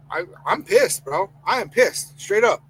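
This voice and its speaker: A man's voice: sits high, a bit bright, a little hiss or hum, rough recording. A man hosting a live sports podcast, ranting heatedly and reading chat comments aloud. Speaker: podcast host.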